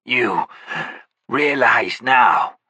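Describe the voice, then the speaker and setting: A man voicing a broken, chained male creature in an audiobook, with a rasping, wheezing voice and a slow, menacing way of talking. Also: medium pitch, lively intonation, bright, forceful tone, dry recording, heavily acted. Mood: bitter.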